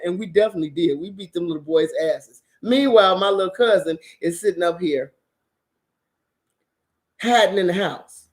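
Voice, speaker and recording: A woman's voice: medium pitch, moderate pace. Profane, laughing woman telling stories. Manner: profane, animated, laughs often. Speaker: channel host. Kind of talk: casual storytelling.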